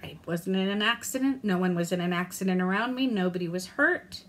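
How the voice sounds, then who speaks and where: A middle-aged woman vlogging in a casual, candid and rambling way, self-deprecating, with mild cursing and lively swings in tone. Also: mid-range voice, brisk. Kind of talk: casual chat to camera.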